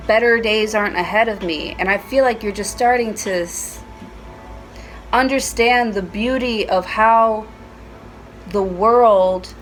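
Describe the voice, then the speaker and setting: A woman's voice: mid-range voice, rough recording. A woman giving a casual tarot reading at home, chatty and playful, with frequent swearing. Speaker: tarot reader.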